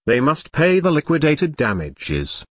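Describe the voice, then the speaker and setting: A man voicing a calm, fearless young woman in a storybook reading, cool and provocative. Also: a little high, measured pace, pitched above the performer's own voice, full character voice.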